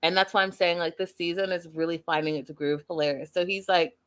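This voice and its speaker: A woman's voice: on the low side, steady tone, brisk, fairly bright tone. A woman hosting a reality show recap stream, chatting casually with her live audience and laughing often.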